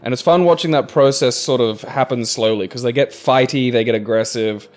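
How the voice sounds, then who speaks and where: A man's voice: medium pitch, a little fast. A man playing a video game and chatting casually with a co-host, jokey and crude. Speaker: let's play player and co-host. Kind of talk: casual chat while playing.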